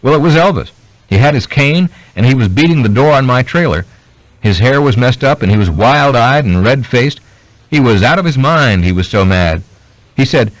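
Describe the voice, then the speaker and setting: Dry, steady male audiobook narrator. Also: medium pitch, normal speed, no echo, poor audio. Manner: steady, even reading of a biography. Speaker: audiobook reader. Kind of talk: scripted narration.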